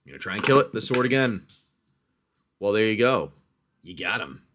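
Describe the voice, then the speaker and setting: A man's voice: on the low side, animated, moderate pace, a little hiss or hum. A man hosting a livestream, narrating a dice-rolled adventure game for a player he calls his friend and reacting to each roll. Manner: chatty, addresses the player as "my friend"; talks through dice rolls, reacts loudly to hits.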